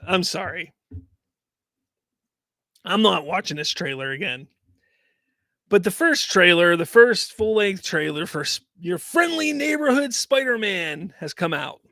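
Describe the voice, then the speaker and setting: A man hosting a casual solo commentary show, talking in an animated, rambling way and repeating himself. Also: high voice, unhurried, vocal fry, long pauses, no room sound, clean studio sound. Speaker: host.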